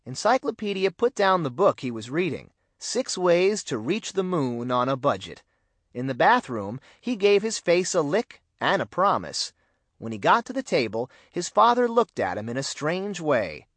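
A man narrating a children's mystery storybook in an expressive, animated reading. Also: fairly high pitch, moderate pace, dry recording. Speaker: audiobook narrator.

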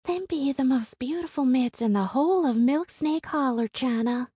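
A woman's voice: high-pitched, lively intonation, normal speed, dark tone, slightly rough, dry recording, studio quality, pitched above the performer's own voice. A woman voicing a poor, sweet-natured young country girl who talks in an earnest, wide-eyed way. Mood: excited, joyful.

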